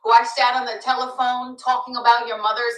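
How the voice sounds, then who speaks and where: A woman's voice: a little high, little pitch movement, brisk, recorded from a distance, slight background noise, lightly acted. Woman playing Carmela Soprano, a furious betrayed mob wife. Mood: hurt, accusing. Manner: accusing, building to shouting. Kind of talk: TV audition scene. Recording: roomy playback from off mic.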